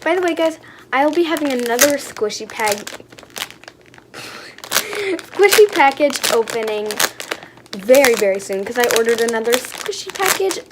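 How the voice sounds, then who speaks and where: A young woman excitedly unboxing toys for her vlog, gushing and gasping with lots of fillers. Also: sits high, a little slow, pauses often, noisy background. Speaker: vlogger.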